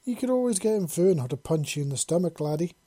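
A man's voice: on the high side, animated, fast, mellow, pitched above the performer's own voice. A man reading a story, voicing a big, blunt male soldier. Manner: blunt, calls others laddie.

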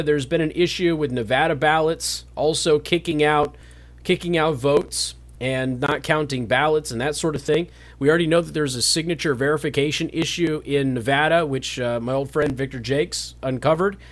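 A man hosting a talk radio show from a studio, speaking emphatically and repeating words for stress. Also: fairly high pitch.

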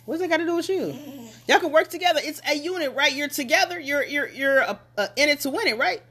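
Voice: sits high, expressive, quick pace, pushed and bright. Emphatic motivational talker, casual monologue. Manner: emphatic, repetitive, rising to passionate pushes.

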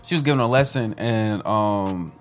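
A young adult man co-hosting a casual chat, telling a story in an animated way. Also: lowish voice, moderate pace, faint music behind. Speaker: co-host.

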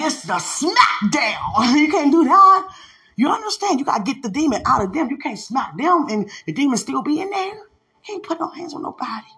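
Podcast evangelist, animated swooping delivery, excitable, quick laughs and street slang. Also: medium pitch. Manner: excitable, laughs often, repeats phrases; uses slang and street talk. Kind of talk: excited preaching testimony.

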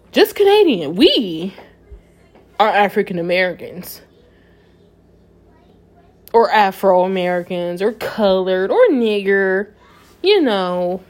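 Young adult woman, casual monologue to camera; emphatic, shifts from quiet reflection to loud conviction. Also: mid-range voice. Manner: emphatic, swings from soft musing to loud passionate outbursts.

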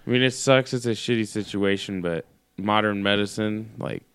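A man's voice: lowish voice, normal speed, a bit bright, clear, resonant tone, no room sound, clean studio sound. A man chatting casually as a podcast guest, upbeat and laughing off hard times. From United States. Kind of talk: casual chat.

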